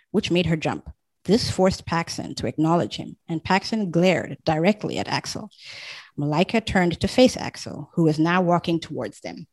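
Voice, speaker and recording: A woman reading a romance novel aloud as audiobook narrator, with steady, even storytelling. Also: fairly low pitch, brisk, no echo, low-quality recording.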